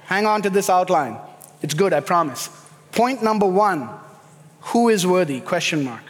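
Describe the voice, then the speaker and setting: A man's voice: sits high, expressive, normal speed. A man preaching a sermon, emphatic and building in intensity as he speaks. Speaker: pastor. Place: church sanctuary. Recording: echoey hall reverb.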